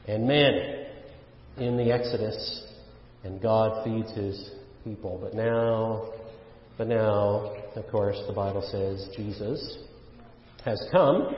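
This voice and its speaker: Male pastor preaching in an echoey church. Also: mid-range voice. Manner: earnest preaching, rhetorical questions, frequent "uh" fillers. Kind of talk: sermon. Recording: dull, roomy church recording with long reverb.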